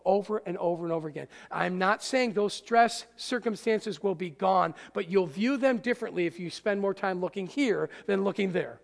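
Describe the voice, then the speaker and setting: A man preaching a sermon to a congregation, his voice pitched high with a gravelly edge. He is animated and keeps asking his listeners questions. The sound carries the long reverb of a church hall. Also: moderate pace, hardly any pauses. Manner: animated, asks the audience questions. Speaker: pastor. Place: church sanctuary.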